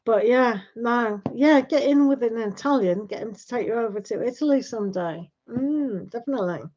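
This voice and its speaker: Chatty woman host, slightly high voice, rambling casual talk, dull livestream sound. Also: moderate pace, mellow. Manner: chatty, rambling, tag questions. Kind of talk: casual chat with live viewers.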